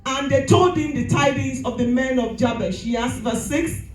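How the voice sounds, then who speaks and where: A woman pastor, preaching a fervent sermon and often shouting. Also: sits high, moderate pace. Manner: shouting, preaching with rising fervor. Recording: echoey hall with music.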